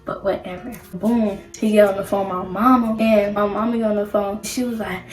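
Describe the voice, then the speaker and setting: A woman vlogger telling a personal story in a casual, slangy, profane and animated way. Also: medium pitch, brisk, hardly any pauses. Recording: roomy, distant mic, faint music.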